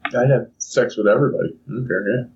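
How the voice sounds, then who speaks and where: A man's voice: medium pitch, fast talker, a little mellow. A young man co-hosting a casual podcast, rambling through a story and acting out silly voices. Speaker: podcast co-host. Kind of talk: casual chat. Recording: distant, dull lo-fi mic.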